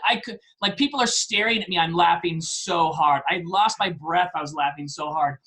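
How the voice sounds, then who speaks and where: A man in his forties, a podcast guest telling a story in a casual, animated way, often laughing and poking fun at himself. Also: sits high, normal speed, hardly any pauses. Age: 40s.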